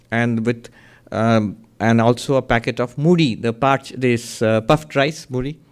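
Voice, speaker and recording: Earnest man telling a story in a lecture. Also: mid-range voice. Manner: earnest, with restarts and dramatic pauses in the storytelling. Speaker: monk lecturer.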